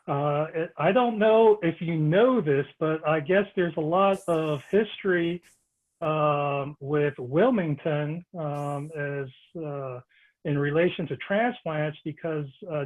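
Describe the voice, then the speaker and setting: A man hosting an online Q&A, reading his introductions with frequent "uh" fillers. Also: a little high. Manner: reads announcements with frequent "uh" fillers. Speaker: host. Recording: tinny phone-like line.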